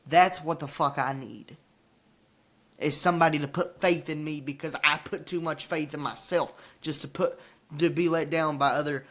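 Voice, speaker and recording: A man's voice: a little high, a bit bright. Angry boastful man ranting to camera. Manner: frustrated, boastful, profane rant. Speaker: wrestling commentator and vlogger.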